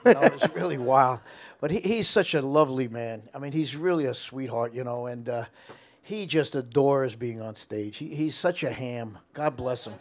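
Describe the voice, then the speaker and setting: An older American man telling stories from his music career in a casual interview, animated, laughing, with frequent restarts. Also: medium pitch, moderate pace.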